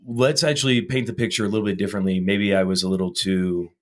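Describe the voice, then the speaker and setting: Very deep-voiced man, rambling and earnest. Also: steady tone, fast talker. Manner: rambling and earnest, repeats words, acts out quoted talk. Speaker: podcast guest, gym owner. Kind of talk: casual interview chat.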